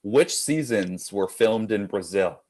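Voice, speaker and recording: A man's voice: on the low side, animated, a little mellow. Upbeat man hosting an online trivia game. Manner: upbeat, quick, laughs easily, reads questions slowly and deliberately.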